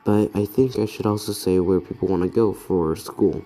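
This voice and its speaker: Upbeat teacher making class announcements, a man in a low, dark voice. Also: steady tone, normal speed, close to an everyday voice. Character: cheerful school teacher addressing class.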